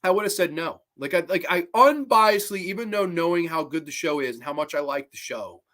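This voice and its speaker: A man hosting a live-streamed horror show, chatting casually, rambling, animated, and swearing freely. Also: a little high, brisk.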